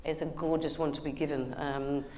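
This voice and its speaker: A woman's voice: sits low, flat delivery, normal speed, dark tone, slight background noise. A woman with a British accent, an actress guest talking in a remote live TV interview, hesitant with many ums. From England and Ireland. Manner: hesitant with many ums, hearing audio feedback. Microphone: remote earpiece link.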